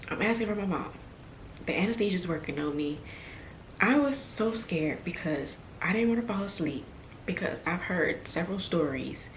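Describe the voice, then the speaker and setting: Young woman, storytime vlog, shaky and emotional, echoey room with a low rumble. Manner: emotional, fighting back tears. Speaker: vlogger.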